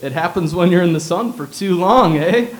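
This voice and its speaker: A man's voice: high-pitched, lively intonation, moderate pace, a little hiss or hum, pitched above the performer's own voice. A man voicing a laid-back surfer-dude doctor with a Hawaiian pidgin accent, drawling and tagging his lines with "eh?". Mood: breezy.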